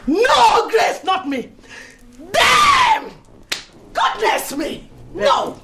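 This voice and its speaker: An actress with a Nigerian accent playing Betty, a proud, furious club matriarch, shouting and laughing scornfully. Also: female voice, sits high, sing-song, a little slow, roomy sound, very noisy. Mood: indignant. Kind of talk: Nollywood film acting.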